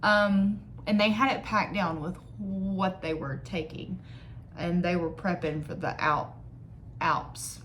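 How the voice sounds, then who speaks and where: A young woman vlogger talks slowly and unhurriedly as she does her makeup, wandering off into jokes at her own expense. Her voice sits a little low, and a faint hum of room noise runs underneath. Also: steady tone, a bit bright. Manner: rambling, joking and self-mocking; reads figures aloud from a screen. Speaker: beauty vlogger. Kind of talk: casual chat while doing makeup.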